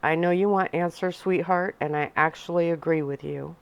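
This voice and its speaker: A woman reading the part of a calm, protective vampire father in a soft ASMR storybook reading, speaking gently and evenly. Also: fairly low pitch, normal speed, gravelly, smooth, dry recording. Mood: calm, gentle.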